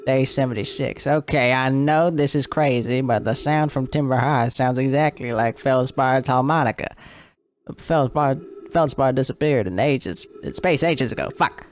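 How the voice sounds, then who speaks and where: A man's voice: mid-range voice, normal speed, a little hiss or hum, natural voice. A man voicing a wry, lonely alien lookout keeper on a moon, reading game dialogue aloud in a put-on rural drawl. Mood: uneasy.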